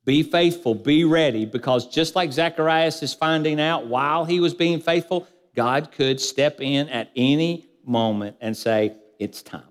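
A man preaching a sermon in a church, building repeated lists and rhetorical questions and letting his voice sink low at the ends of phrases. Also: unhurried, hardly any pauses, long reverb tail. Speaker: pastor.

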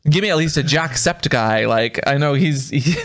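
A man's voice: mid-range voice, normal speed. A man co-hosting a casual podcast, teasing and laughing often as he reads out old slang. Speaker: podcast co-host.

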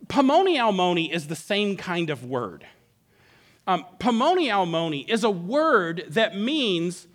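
A middle-aged man preaching a sermon, telling the story in a playful, animated way with frequent restarts. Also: high voice, unhurried. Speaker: pastor.

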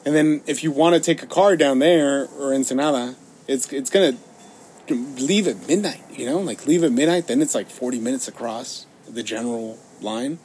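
A man in his thirties telling a long, animated story in a casual chat, cursing often. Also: mid-range voice, moderate pace, slight background noise.

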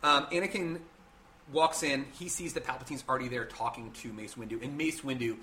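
A man hosting a podcast, telling a story in a casual, animated way and acting out the characters' lines. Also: medium pitch, fairly quick, slight background noise. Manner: animated storytelling, acts out quotes. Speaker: podcast host.

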